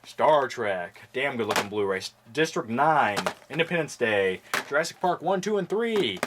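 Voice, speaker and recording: A man's voice: medium pitch, sing-song, moderate pace. Man doing a wisecracking movie collector. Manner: wisecracking, offhand, swears casually. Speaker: video host reviewing his movie collection. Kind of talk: casual chat with jokes and impressions. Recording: noisy home recording.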